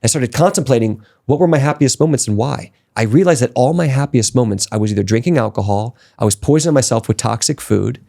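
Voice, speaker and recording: A man as a podcast guest, telling his own story in a casual interview, emphatic and motivational, and he grows more excited as he goes. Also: mid-range voice, fast, gravelly, hardly any pauses.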